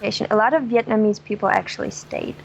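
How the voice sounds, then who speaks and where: A woman's voice: mid-range voice, racing, creaky, slight background noise, rough recording. A woman from Germany with a German accent, a travel guest chatting casually in an interview, laughing often and telling jokes with gusto. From Dresden, Germany.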